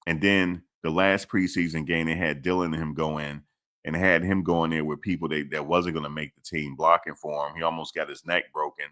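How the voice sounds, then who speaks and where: A man's voice: low voice, a bit bright. A man hosting casual sports commentary, emphatic and repetitive, swearing casually as he makes his points.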